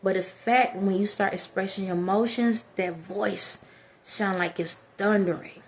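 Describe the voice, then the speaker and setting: A woman's voice: medium pitch, fairly even intonation, unhurried. A woman talking straight to her viewers in a direct, preachy way, giving life advice. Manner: direct, preachy, addresses listeners as y'all. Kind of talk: motivational talk to camera.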